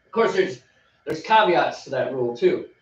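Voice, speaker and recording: Chatty homebrew co-host, man, animated delivery, faint room noise behind. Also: fairly high pitch, moderate pace. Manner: chatty, laughs often. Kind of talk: casual chat while brewing. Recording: roomy, distant, dull sound with faint background noise.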